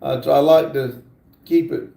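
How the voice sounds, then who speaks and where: A middle-aged man, hosting a casual livestream and slowly reading viewer comments aloud with many fillers. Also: mid-range voice, fairly even intonation, creaky, warm tone, roomy sound. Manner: slow, drawling, reads chat aloud with many fillers. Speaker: livestream host.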